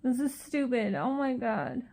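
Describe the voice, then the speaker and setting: A woman's voice: on the high side, very animated, measured pace, vocal fry, a little mellow. A young woman in a casual reading reaction vlog, gushing and emotional, near tears as she talks. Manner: gushing and emotional, many exclamations. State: tearful. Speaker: book vlogger.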